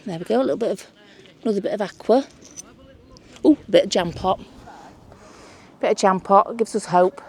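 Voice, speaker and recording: A woman's voice: medium pitch, brisk, long pauses, darkish tone, breathy edge. A woman on a beach chatting casually and exclaiming over her finds as she searches the shore. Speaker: mudlarking vlogger. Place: outdoors on a beach.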